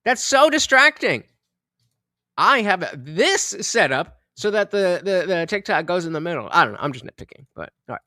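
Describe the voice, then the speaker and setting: Guy streaming reaction commentary, high bright voice, dry close sound, lots of uhs. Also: very animated, moderate pace, dry recording. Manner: rambling, many fillers and restarts. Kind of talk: casual live-stream commentary.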